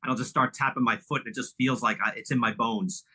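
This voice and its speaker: A man's voice: mid-range voice, steady tone, quick pace, bright, forceful tone, slightly rough, poor audio. A middle-aged man from Long Island, New York, reminiscing casually as an interview guest, rambling with lots of fillers and restarts. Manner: rambling, full of "you know" fillers and restarts.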